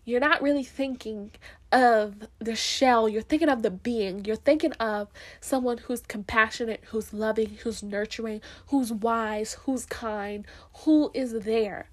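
A woman's voice: fairly high pitch, measured pace. A young woman from Florida talking straight to camera in a casual, heartfelt monologue, earnest and emphatic, repeating her points and laughing easily. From Florida, USA. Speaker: vlogger.

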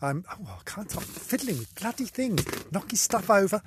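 A man's voice: sits high, sing-song, normal speed, background noise. A man hosting a solo podcast, rambling and easily distracted, with a theatrical, exclamatory delivery and frequent giggles. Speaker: podcast host. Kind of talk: casual solo podcast chat.

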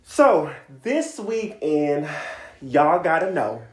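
A woman's voice: sits low, very animated, drawn-out words, echoey room. A woman co-hosting a podcast, ranting bluntly and sarcastically with plenty of swearing. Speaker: podcast co-host. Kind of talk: casual profane rant.

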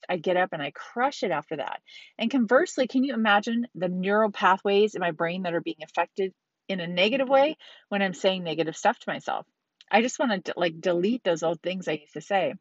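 A woman's voice: medium pitch, no echo, muffled recording. A woman hosting a podcast, talking candidly and casually about self-help, swearing now and then and getting emphatic. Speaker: podcast host.

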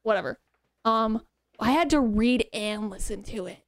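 A young woman co-hosting a podcast, chatting excitedly about books with lots of "um" and "like". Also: a little high, normal speed, no room sound, clean studio sound. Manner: chatty, excitable, many fillers like "um" and "like". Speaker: podcast co-host. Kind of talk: casual chat about books.

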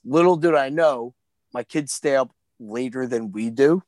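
A man in his forties co-hosting a podcast, telling stories in a profane, animated way during a casual chat about a movie. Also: medium pitch, unhurried, no echo. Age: 40s. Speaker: podcast co-host.

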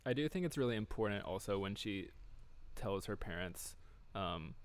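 A man co-hosting a podcast in casual chat, relaxed and amused, matter-of-fact in his corrections. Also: fairly low pitch, moderate pace, smooth. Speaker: podcast co-host.

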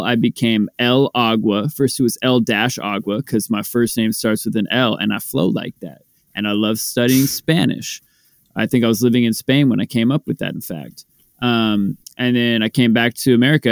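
Lively joking man telling a story. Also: medium pitch, vocal fry, smooth, no room sound, studio quality. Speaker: podcast co-host, rapper. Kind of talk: casual chat.

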